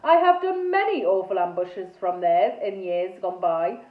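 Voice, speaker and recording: A woman voicing a courtly old male ghost knight who speaks slowly and formally, heard in a tinny, echoey recording. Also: mid-range voice, animated, natural voice. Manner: slow, stately, formal speech. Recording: tinny phone-like sound in echoey room.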